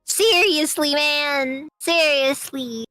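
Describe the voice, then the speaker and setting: A woman guest on a podcast chatting excitably, repeating herself and stumbling into jokes. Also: sits high, takes it slowly, no room sound, soft background music. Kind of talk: casual chat.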